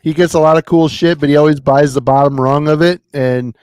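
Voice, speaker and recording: A man's voice: fairly high pitch, steady tone, a little fast, a little mellow, clear, resonant tone, no room sound, studio quality. A man co-hosting a casual podcast, teasing his friends in profane slang. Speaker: podcast co-host.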